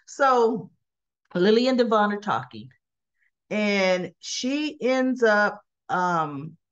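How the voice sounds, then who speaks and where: A woman's voice: medium pitch, sing-song, drawn-out words, highs cut off. A woman hosting a casual spoken recap of a soap opera episode. She rambles in a chatty way and fills her talk with "you know" and "um".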